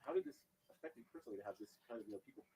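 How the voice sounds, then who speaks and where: A man co-hosting a podcast, firing quick follow-up questions at the guest. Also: on the low side, huge pitch swings, vocal fry, dark tone, slightly rough, low-quality recording. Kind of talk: casual questioning.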